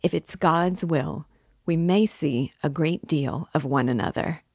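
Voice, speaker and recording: Woman reader voicing a pushy, excitable man of the law; low-pitched, dry read. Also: slightly rough, no room sound, heavily acted. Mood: excited. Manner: hurried, emphatic, louder than the narration. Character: excitable male police investigator, fussy and insinuating.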